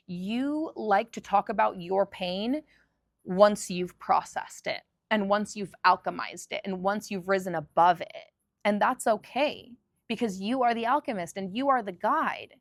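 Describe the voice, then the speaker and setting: Gravelly soft-spoken woman, earnest. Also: mid-range voice, no room sound, studio quality. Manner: soft, earnest, emotional, slow pauses. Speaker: spiritual channel host. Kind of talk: intimate heartfelt monologue.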